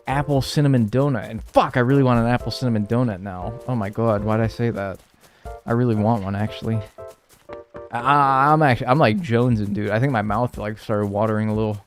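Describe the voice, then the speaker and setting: A man's voice: medium pitch, brisk, faint music behind. A man streaming a speedrun and chatting casually with viewers, rambling, joking and swearing freely. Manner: rambling, profane, jokey banter with chat. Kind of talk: casual livestream chat while playing.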